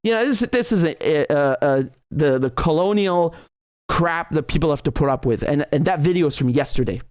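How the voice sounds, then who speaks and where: A man's voice: fairly high pitch, animated, fairly quick, darkish tone, dry recording. A man hosting a live political commentary show, talking indignantly and sarcastically with many restarts. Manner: frequent restarts. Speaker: host.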